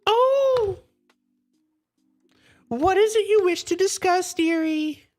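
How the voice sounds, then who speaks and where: A woman's voice: extremely high pitch, animated, a little mellow, soft background music, pitched above the performer's own voice, full character voice. A woman voicing a sweetly menacing old hag who presses tea on her guests and calls everyone dearie. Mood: cloying. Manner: cloying, calls everyone dearie, drawn-out words.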